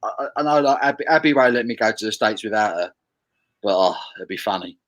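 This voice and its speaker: A man's voice: lowish voice, lively intonation, fast, fairly bright tone, rough recording. A man from England hosting a casual live stream, reading viewer comments aloud with frequent stammered restarts.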